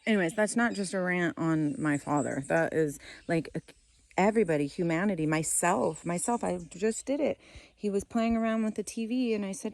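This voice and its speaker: A woman's voice: lowish voice, moderate pace, a little mellow. A woman vlogging outdoors in a garden, chatting casually, laughing often and losing her train of thought. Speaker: vlogger and mother. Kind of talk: casual rambling vlog.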